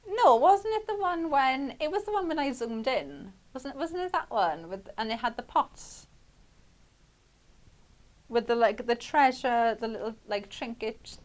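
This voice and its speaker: A woman's voice: high-pitched, expressive, unhurried. A young woman talks viewers through a craft project on a shopping channel. Her delivery is chatty and a little rambling, and she laughs easily as she goes. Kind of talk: live craft demonstration with chat.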